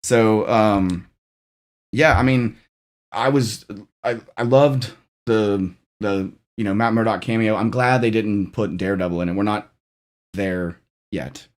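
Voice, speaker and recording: Low-voiced man in rambling chat. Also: measured pace. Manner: relaxed, rambling with many fillers and restarts. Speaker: channel host. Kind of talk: casual movie discussion.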